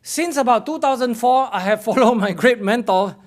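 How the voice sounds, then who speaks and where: High-voiced man giving an indignant talk. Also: moderate pace. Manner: indignant, lively, with frequent fillers and restarts. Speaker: invited conference speaker. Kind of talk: live conference talk.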